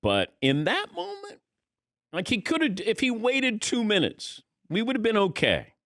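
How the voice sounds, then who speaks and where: A man's voice: high voice, unhurried, no room sound, studio quality. A man hosting a sports talk radio show, telling a story and acting out the dialogue in casual chat. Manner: animated storyteller, acts out dialogue. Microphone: studio microphone.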